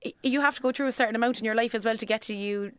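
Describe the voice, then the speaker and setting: A woman's voice: a little high, racing, clean tone, dry recording, clean studio sound. An Irish woman in her late twenties, a life coach chatting as a podcast guest, rambling and laughing often. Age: 20s. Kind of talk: casual podcast chat.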